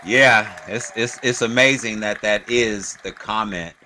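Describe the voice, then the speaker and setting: A man co-hosting a podcast in casual chat, agreeable and measured, often laughing along. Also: fairly low pitch, sharp tone, some chatter behind, a little hiss or hum. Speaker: podcast co-host.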